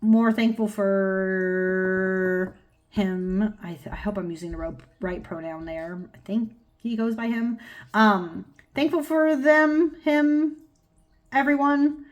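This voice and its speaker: A woman from California talks casually to her viewers about tarot. She rambles, trips over names and fills the gaps with ums and little laughs. Her voice sits at a middle pitch. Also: slow pace. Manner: rambly, filler-heavy, self-deprecating, laughs often. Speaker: tarot YouTuber. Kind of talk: casual rambling video chat.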